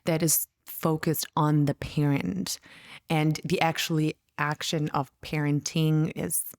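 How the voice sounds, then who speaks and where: A woman's voice: deep voice, level tone, no room sound, clean studio sound. A young adult woman from Germany, a parent coach answering interview questions in an earnest, reflective way. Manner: earnest, reflective, quick bursts of speech. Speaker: parent coach, podcast guest.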